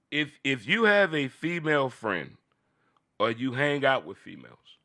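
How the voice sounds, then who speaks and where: A man hosting a casual, unscripted midday talk show. He talks in an animated way, repeats phrases and talks to himself. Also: medium pitch, moderate pace.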